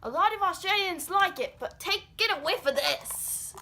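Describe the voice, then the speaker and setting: A woman's voice: extremely high pitch, lively intonation, moderate pace, bright, forceful tone. A girl presenting a school project video playfully, sprinkling in crikey and mate.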